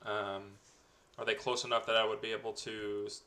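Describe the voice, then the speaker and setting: A man playing in a tabletop game, speaking casually in brief, relaxed replies. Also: fairly low pitch, moderate pace. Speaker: player.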